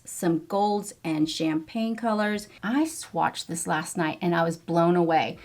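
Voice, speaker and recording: Middle-aged lady vlogging her makeup, chatty and excited about every product, mid-pitched voice. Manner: chatty, enthusiastic product reviewing. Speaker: beauty vlogger. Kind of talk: makeup tutorial.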